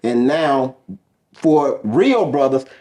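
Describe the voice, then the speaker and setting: A grown man hosting a casual comedic podcast, joking loudly and laughing, his voice jumping up high for punchlines. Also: lively intonation, takes it slowly. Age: adult. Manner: loud, laughing, playful swings up into high pitch. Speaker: podcast host.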